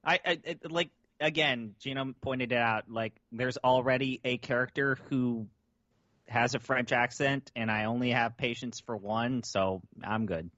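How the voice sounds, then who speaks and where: A man's voice: medium pitch, steady tone, unhurried, sharp tone, no echo, lo-fi sound. A man co-hosting a casual podcast chat, blunt and exasperated, swearing freely. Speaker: podcast co-host.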